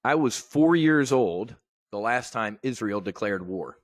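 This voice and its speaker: A man's voice: mid-range voice, expressive, unhurried, dry recording, studio quality. A man hosting a live trading brief, ranting bluntly and profanely. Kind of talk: live market commentary rant.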